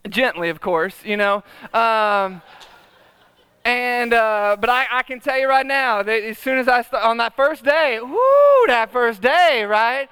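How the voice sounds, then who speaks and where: A man's voice: extremely high pitch, unhurried, pushed and bright, smooth, dry recording. A middle-aged man preaching a sermon, chatty and humorous, often checking in with the congregation. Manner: conversational, tag questions, humorous asides. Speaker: pastor.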